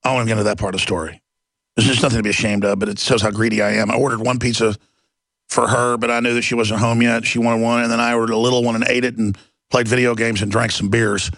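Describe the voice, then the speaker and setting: A man's voice: mid-range voice, flat delivery, fast, a bit bright, no echo. A middle-aged man hosting a talk radio show, ranting and telling stories, acting out the voices of the people in them. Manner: ranting, storytelling, acts out quoted voices.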